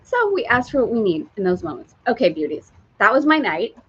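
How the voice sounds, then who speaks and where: A woman's voice: a little high, big pitch swings, fairly quick, slightly rough, muffled recording. A woman hosting a live stream from a sailboat, telling a candid story and reading viewer comments aloud. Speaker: spiritual teacher and live-stream host.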